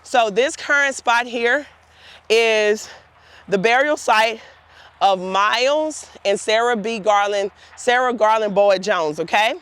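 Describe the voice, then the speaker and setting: A woman's voice: fairly high pitch, slow, a bit bright, smooth. Woman tour guide, outdoors, earnest and heartfelt, talks straight to the group. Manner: earnest, heartfelt storytelling addressing the group directly. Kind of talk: guided tour talk to volunteers. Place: outdoors in a cemetery.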